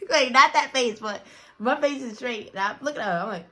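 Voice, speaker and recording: A young woman telling a casual storytime to her viewers, blunt and profane, animated, with frequent restarts. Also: fairly high pitch, moderate pace. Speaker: storyteller vlogger.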